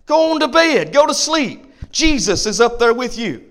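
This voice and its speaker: A patient mother, as a preacher puts her on in a sermon story, calm and firm as she soothes her son. The voice is high. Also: normal speed, full character voice. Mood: reassuring.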